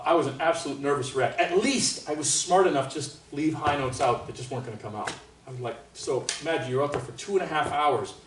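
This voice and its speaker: A man, a trumpet soloist, teaching a master class in an animated, chatty way and laughing often. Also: mid-range voice. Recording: roomy hall from far off, faint noise.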